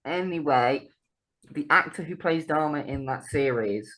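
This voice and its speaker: A woman's voice: low voice, animated, measured pace, fairly bright tone. A woman, co-hosting a podcast in casual chat, laughing often, swearing freely and bantering. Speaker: podcast co-host.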